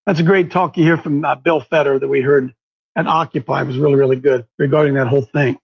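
A man's voice: medium pitch, fairly even intonation, fast, gravelly, husky, highs cut off. A man hosting and preaching to a small live group, fiery and emphatic, repeating key words for force. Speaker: show host and preacher.

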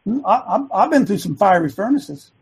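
A man hosting a talk show as a coach, preaching opinions with rapid rhetorical questions and frequent restarts. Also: sits high, big pitch swings, slightly rough, rough recording. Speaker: host and coach.

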